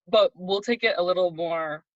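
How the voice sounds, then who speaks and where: A woman's voice: lowish voice, no echo. Bubbly woman host, dull lo-fi sound. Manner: bubbly, gushing, quick to laugh. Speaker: podcast host. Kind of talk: casual interview chat. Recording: dull, dry lo-fi audio.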